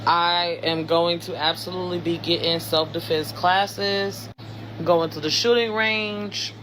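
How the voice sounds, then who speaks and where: A speaker with a flat, level voice talks matter-of-factly over clear background hiss. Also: medium pitch, measured pace. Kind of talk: casual video commentary.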